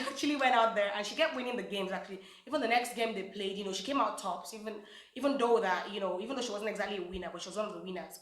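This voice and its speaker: A woman's voice: mid-range voice, fairly bright tone, echoey room. A woman, gossiping casually about reality show contestants, with lots of fillers. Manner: chatty, gossipy, many fillers. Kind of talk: casual chat.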